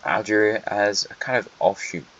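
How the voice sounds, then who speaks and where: A man's voice: lowish voice, fairly even intonation, normal speed, a bit bright. A man narrating an alternate history map in a casual, wry way, with dry joking asides that talk straight to the countries. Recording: lo-fi with faint hiss.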